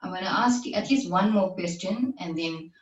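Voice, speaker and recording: Soft-spoken woman hosting, distant echoey mic. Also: on the low side, normal speed, dull audio. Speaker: podcast host. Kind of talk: live-stream interview.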